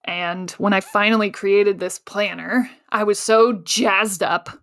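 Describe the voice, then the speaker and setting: A woman's voice: mid-range voice, fairly even intonation, unhurried, no room sound, studio quality. A woman hosting a solo podcast, telling her story in a candid, self-mocking way with casual fillers. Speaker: podcast host.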